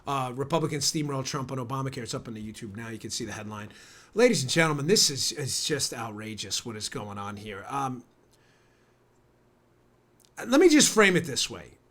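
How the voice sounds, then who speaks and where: A man's voice: medium pitch, sing-song, fairly quick, a bit bright. A man hosting a political talk show, ranting sarcastically and a little stuffed up from a cold. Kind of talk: opinionated talk show monologue.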